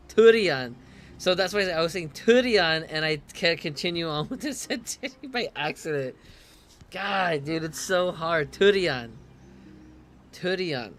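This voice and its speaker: A man's voice: on the high side, a bit bright, slight background noise. Giggly man doing gameplay commentary. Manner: giggly, reads subtitles aloud, self-mocking. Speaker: gaming streamer.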